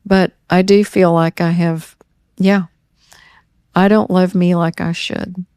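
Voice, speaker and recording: An older woman, a guest in a candid therapy conversation, speaking in an earnest, halting way and repeating her words. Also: fairly low pitch, flat delivery, darkish tone, clean tone, no echo, clean studio sound. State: tearing up.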